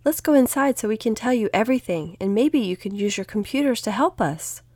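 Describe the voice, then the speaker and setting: A woman's voice: fairly high pitch, fairly quick, no room sound, voice pushed up. A woman voicing an eager, cheerful young girl in a storybook. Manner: eager, excited.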